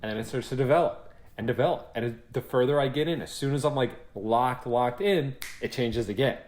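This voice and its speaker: Animated young man telling a story. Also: mid-range voice, brisk. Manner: animated storyteller, acts out quotes, swears freely. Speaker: podcast co-host. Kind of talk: casual chat.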